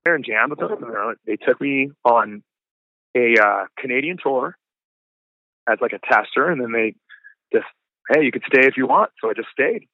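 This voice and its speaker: A man's voice: mid-range voice, normal speed, pauses often, no room sound. Laid-back man in his forties, punk-singer guest; tinny, phone-like audio, dry. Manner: laid-back, says dude and like a lot. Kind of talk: casual storytelling chat.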